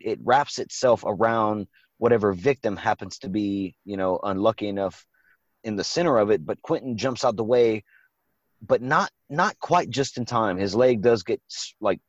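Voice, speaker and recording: A man's voice: lowish voice, moderate pace, no echo, muffled recording. A man hosting a podcast, reviewing a movie in casual, profane, rambling chat. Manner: profane, rambling, acts out quotes. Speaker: podcast host.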